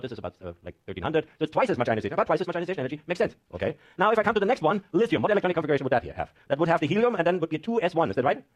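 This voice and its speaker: A man giving a chemistry lecture to a class, often asking the students questions and checking in with "okay?". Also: fairly high pitch.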